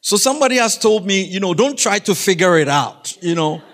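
A man's voice: high voice, expressive, brisk, a bit bright. A middle-aged man giving a humorous faith talk to a school audience, chatty and laughing, often asking the listeners questions. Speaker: guest speaker.

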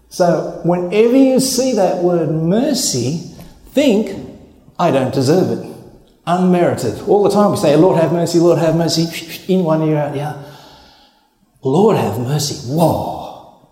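A man's voice: on the high side, dark tone. A man preaching a sermon in an emphatic, conversational way, with laughs and acted asides. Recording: echoey hall.

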